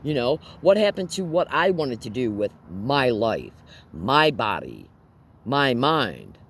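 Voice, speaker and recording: A man's voice: mid-range voice, sing-song, slow pace, a bit bright, slight background noise. A man vlogging straight to camera in an agitated, emphatic way, firing rhetorical questions at viewers. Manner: agitated, nervous laughter. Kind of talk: direct-to-camera monologue.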